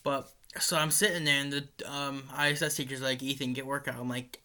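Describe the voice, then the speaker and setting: Bright-voiced teenage boy rambling on. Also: medium pitch, fairly even intonation, brisk, clear, resonant tone. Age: teens. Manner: rambling, full of likes and restarts; swears casually. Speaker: high school student. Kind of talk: casual storytelling.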